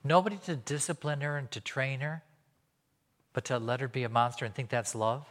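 A man preaching from the pulpit with a medium-pitched voice, telling stories and putting on quick voices for the people he quotes. His voice carries a long reverb tail from a large hall. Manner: animated storytelling, acting out quoted voices. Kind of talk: sermon.

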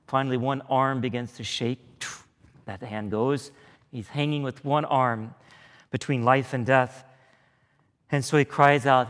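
A man leading a weekend retreat as a priest, praying and preaching in a deliberate, earnest way. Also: medium pitch. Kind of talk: retreat talk and prayer. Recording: echoey hall.

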